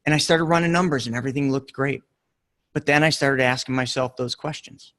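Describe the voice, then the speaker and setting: A middle-aged man giving an earnest motivational talk, telling a story with emphatic pauses. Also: medium pitch, a bit bright. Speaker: real estate investor and coach.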